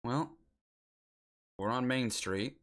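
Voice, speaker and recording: A man's voice: mid-range voice, slow pace, a bit bright. A young man streaming a geography guessing game, chatting casually and musing aloud as he guesses locations.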